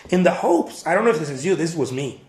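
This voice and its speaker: A man's voice: fairly high pitch, expressive, fast talker, a little mellow, roomy sound. A man, an artist, giving career advice in a casual talk to camera at home, emphatic and repetitive, calling his viewers guys. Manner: emphatic, repeats points, addresses viewers as guys. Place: home, near a backyard.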